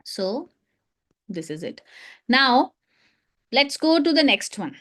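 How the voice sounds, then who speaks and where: Slow, high-voiced Indian woman teaching phonics. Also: sing-song, fairly bright tone. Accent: Indian English. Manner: demonstrates letter sounds with short repeated drills. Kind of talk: live online phonics lesson.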